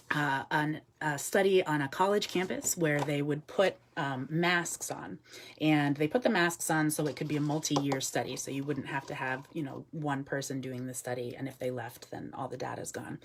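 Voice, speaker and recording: A woman with a low voice gives a relaxed live talk as a wildlife educator, filling her sentences with ums. She answers viewers' comments and murmurs soft asides to the bird beside her. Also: moderate pace, slight background noise. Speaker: wildlife educator with an animal ambassador.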